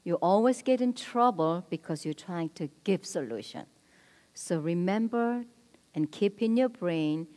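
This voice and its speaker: A woman leading a marriage seminar at a church, speaking directly and prompting the audience with quick cues. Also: on the low side, animated, a little mellow. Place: church hall. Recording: long hall reverb.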